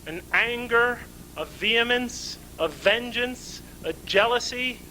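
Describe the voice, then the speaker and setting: A man's voice: very high-pitched, takes it slowly, sharp tone, slight background noise, rough recording. A man giving a conference lecture, asking rhetorical questions and answering them himself, building emphatic lists.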